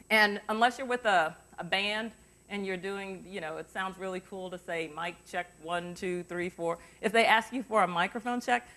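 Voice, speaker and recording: A middle-aged woman runs a workshop at a university forum, wearing a lapel mic. Her voice is bright and clear, sitting at an ordinary pitch. She is chatty and lively, throwing questions to the room to keep the students involved. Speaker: journalist giving an interview workshop. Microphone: lavalier.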